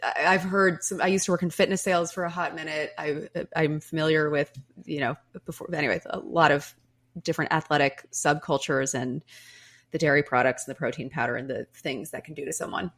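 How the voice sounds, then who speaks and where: A woman hosts a podcast in relaxed conversation, her voice sitting a little low. She tells candid personal stories and laughs often as she talks. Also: a little fast. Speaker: podcast host. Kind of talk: casual chat.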